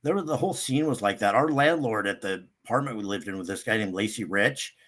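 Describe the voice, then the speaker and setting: A man's voice: quick pace, fairly bright tone. An older man, a guest in a casual interview, telling a rambling story and acting out what others said. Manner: rambling, acts out quotes with sudden higher pitch.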